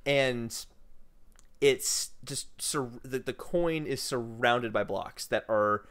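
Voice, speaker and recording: A man's voice: mid-range voice, slow, a bit bright, clean tone. A young man with a mid-range voice chats casually as co-host of a gaming podcast. He sounds easygoing and laughs often as he talks.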